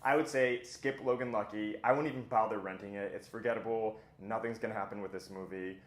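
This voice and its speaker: A man's voice: fairly low pitch, fairly even intonation, fairly quick, echoey room. A man giving a casual, blunt and opinionated spoken film review as host of his own channel, chatty with plenty of filler words.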